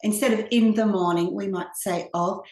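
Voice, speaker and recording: A woman with an Australian accent, an author answering interview questions over a video call in a relaxed, friendly way. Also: mid-range voice, normal speed, reverberant.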